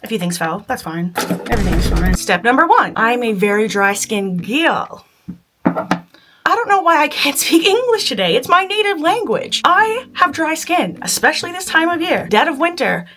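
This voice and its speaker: A woman's voice: sits high, sing-song, normal speed, fairly bright tone, a little hiss or hum. A woman at her makeup table chatting casually through a makeup tutorial, self-deprecating and laughing often. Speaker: beauty vlogger.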